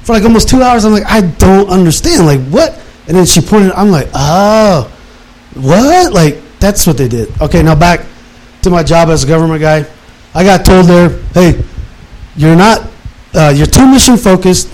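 A man in his fifties, retired from military service, tells his life story in casual, animated talk and acts out his own past words. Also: high voice, normal speed, low-quality recording. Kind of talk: casual personal testimony.

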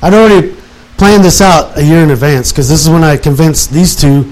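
A man in his fifties, retired from military service, tells his life story in casual, animated talk and acts out his own past words. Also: fairly high pitch, brisk, low-quality recording. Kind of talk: casual personal testimony.

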